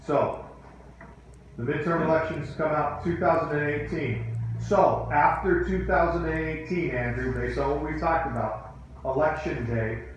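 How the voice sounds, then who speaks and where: A male teacher leading a classroom lesson, quizzing students by name in a firm, dryly teasing way. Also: mid-range voice. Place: echoey classroom. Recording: echoey room, faint background noise.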